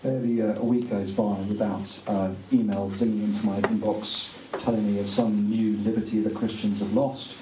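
A man giving an earnest, conversational speech at a book launch, pausing with fillers. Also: fairly low pitch, flat delivery, background noise. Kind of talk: informal speech to an audience. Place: room at a book launch event. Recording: echoey room, distant mic, faint ambience.

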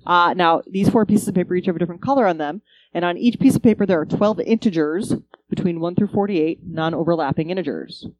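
A woman's voice: fairly low pitch, fast talker, a little mellow, dry recording, poor audio. Woman explaining game rules, dry sound. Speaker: podcast co-host. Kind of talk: casual chat.

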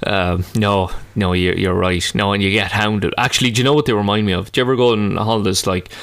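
A man's voice: fairly low pitch, fairly even intonation, quick pace, gravelly, a bit bright, dry recording. An Irish man chatting casually and telling stories, swearing and laughing often. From Ireland. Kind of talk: casual chat.

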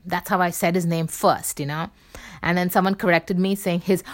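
A woman's voice: fairly low pitch, fairly even intonation, moderate pace. Rambling woman vlogger, casual chat. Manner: rambling, many fillers and restarts, playful.

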